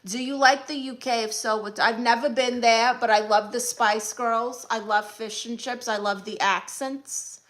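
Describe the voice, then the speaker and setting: Brooklyn woman, bright and sassy, live-stream host reading chat. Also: fairly high pitch, steady tone. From Brooklyn, New York. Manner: sassy, blunt, quick comebacks. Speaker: comedian hosting a live stream.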